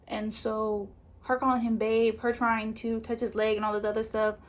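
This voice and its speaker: A woman giving a chatty, animated recap of a reality show, acting out the people she quotes. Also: on the high side, normal speed. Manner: chatty, animated retelling with quoted voices and laughs. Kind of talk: casual spoiler review.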